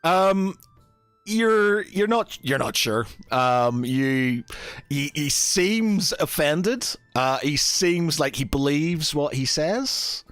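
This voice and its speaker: A man's voice: a little high, animated, slow pace, fairly bright tone, clear, resonant tone, dry recording, faint music behind. A man narrating as game master, hesitant and full of fillers. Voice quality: hesitant, lots of fillers, laughs easily.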